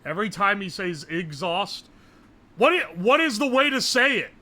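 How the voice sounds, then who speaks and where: A young man, chatting casually on a live stream, loud and joking, swearing often and laughing a lot. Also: sits high, big pitch swings, moderate pace. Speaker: livestreamer.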